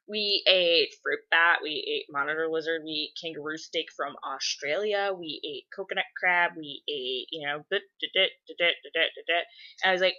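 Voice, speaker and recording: A young woman with a deep voice vlogs at a moderate pace through a muffled recording. Speaking casually to camera, she tells a childhood story and answers viewer questions, swearing freely and animatedly acting out the voices of the people involved.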